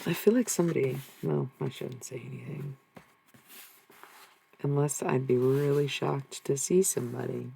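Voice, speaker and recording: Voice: medium pitch, gravelly, dark tone, a little hiss or hum, low-quality recording. A live streamer in casual, rambling talk with viewers, swearing freely and answering chat. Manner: rambling, profane, talks back to chat.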